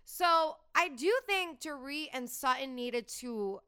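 A young adult woman hosting a podcast, chatting casually and full of fillers and quick asides. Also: high-pitched, expressive, pushed and bright. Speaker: podcast host. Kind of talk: casual chat, reality TV gossip.

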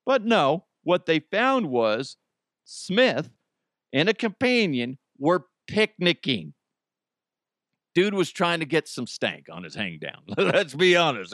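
A man's voice: a little high, sing-song, slow pace, a bit bright, no echo. Guy doing a crude rambly comedy podcast, laughs at his own jokes, dry room. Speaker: podcast host. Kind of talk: casual comedic commentary.

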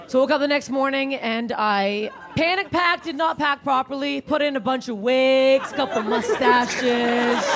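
A woman from Canada performing a crude stand-up set, teasing the audience and laughing through her lines. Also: on the high side. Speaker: stand-up comic. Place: comedy club stage. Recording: live club recording with loud crowd and noise.

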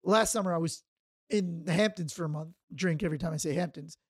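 A man's voice: a little high, quick pace, dry recording, studio quality. A man from New York co-hosting a casual podcast, offhand and wry. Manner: wry, offhand hot takes. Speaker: podcast co-host. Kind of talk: casual chat.

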